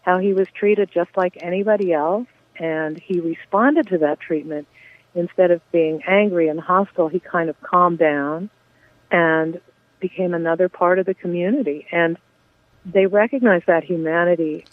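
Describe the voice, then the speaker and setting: A woman's voice: on the low side, moderate pace, dry recording. Enthusiastic woman playwright on a phone line. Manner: warm, enthusiastic, chatty with frequent yeahs. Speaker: playwright, interview guest. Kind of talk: casual interview talk.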